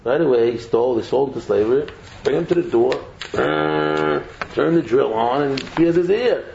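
Animated man giving a talk, echoey. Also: medium pitch, normal speed, vocal fry. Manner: animated storytelling, acting out quotes. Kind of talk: Torah lecture to students. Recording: echoey muffled room recording, faint hum.

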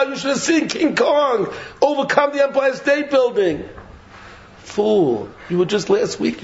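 High gravelly man preaching animatedly. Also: slight background noise. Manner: animated, mocking, laughs through his points, repeats himself; rhetorical questions. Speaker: Torah teacher. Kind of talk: sermon. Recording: dull lo-fi recording.

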